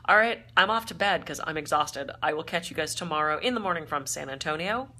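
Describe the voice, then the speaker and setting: A woman hosts her daily vlog from a hotel room in a chatty, animated storytelling manner. She sounds tired, yet her slightly low voice stays bright and forceful. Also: a little fast. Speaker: vlog host and speaker.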